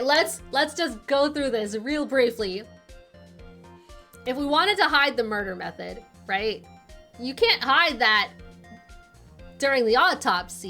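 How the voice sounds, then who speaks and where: A woman gamer reading game dialogue aloud while playing and thinking it through, with quick chuckles. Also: sits high, pushed and bright. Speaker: let's play gamer.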